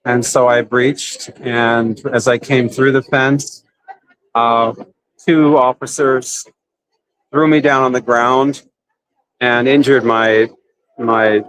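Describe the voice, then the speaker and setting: Older male protester, plain mid voice, halting first-person account. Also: medium pitch, clean tone, rough recording. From California, USA. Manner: halting, repeating words while recounting. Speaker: injured protester interviewed.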